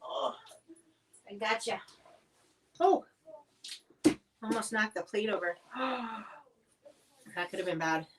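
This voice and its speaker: Woman livestream host at home, casual and chatty, coughing and clearing her throat, a bit far from the mic. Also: medium pitch, lively intonation, slow pace, long pauses, background noise. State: coughing from spicy food. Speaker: livestream host reviewing spicy snacks.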